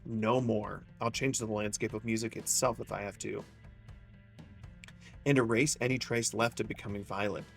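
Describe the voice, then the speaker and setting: A man's voice: lowish voice, fairly even intonation, normal speed, gravelly. A man voicing a smug, ambitious music-mogul rival who gloats and talks down to others in a game. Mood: gloating. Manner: gloating, condescending.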